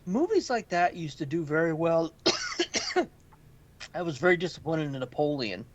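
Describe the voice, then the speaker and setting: A man co-hosting a relaxed pop culture podcast, his voice sitting a little higher than most. He tells rambling, profane stories and slips into impressions of the people in them. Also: unhurried, muffled recording. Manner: loose, swearing storyteller who mimics people. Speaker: podcast co-host. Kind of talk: casual pop culture chat.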